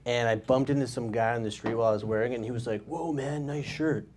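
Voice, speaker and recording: A young man performs stand-up in a comedy club, talking casually and laughing at his own jokes. His voice sits at an ordinary middle pitch. A faint hiss lies under the recording. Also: level tone, rapid-fire, darkish tone. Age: 20s. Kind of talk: stand-up set. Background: audience laughter.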